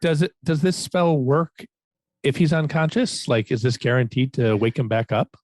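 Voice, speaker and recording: A man playing a tabletop game, reading out rules step by step in a deliberate way. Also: medium pitch, steady tone, a little mellow, no echo. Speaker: player.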